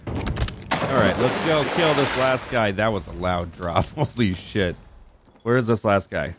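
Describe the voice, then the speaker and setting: A man giving excitable, profane, joking gameplay commentary, talking back at characters on screen. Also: fairly low pitch, unhurried, background noise. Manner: excitable, profane, jokey, talks to game characters. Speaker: gaming YouTuber.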